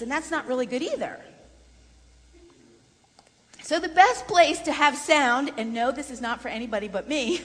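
A woman leading a voice workshop for singers in a chatty, lively way with frequent laughter. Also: high voice, normal speed, pauses often. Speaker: vocal coach. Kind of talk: voice workshop lesson. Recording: long reverb in a large room.

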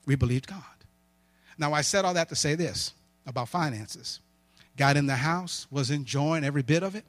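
Speaking at normal speed in a fairly high voice, a preacher weaves personal stories into his sermon. His style is emphatic call-and-response, frequently asking and then answering his own questions, with no room sound on the recording.

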